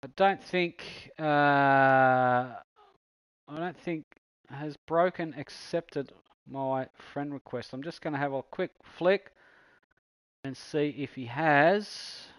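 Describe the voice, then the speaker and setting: A man's voice: a little high, slow pace, smooth, no echo, rough recording. A man hosting an online racing league, chatting casually and matily with drivers after a race, with lots of fillers. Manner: chatty, matey, many fillers. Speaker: esports league host. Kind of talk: casual post-race commentary and chat.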